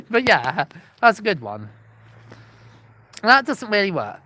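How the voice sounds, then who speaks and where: An Englishwoman vlogs on her own, her mid-range voice swooping wildly in pitch at a slow pace with a fairly bright tone. She hops from joke to joke in a rambling comedy chat, apologizing often, digressing, and laughing at her own gags.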